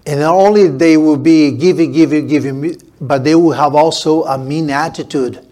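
Emphatic preaching man, higher-pitched. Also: moderate pace, mellow. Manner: emphatic preaching with repetition and rhetorical build-ups. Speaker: pastor. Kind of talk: sermon.

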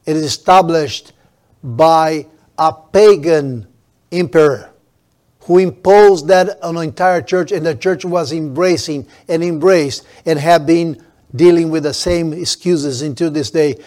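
Emphatic male preacher, slightly high voice. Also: a little mellow. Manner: emphatic, drawn-out stresses, frequent restarts. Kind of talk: sermon.

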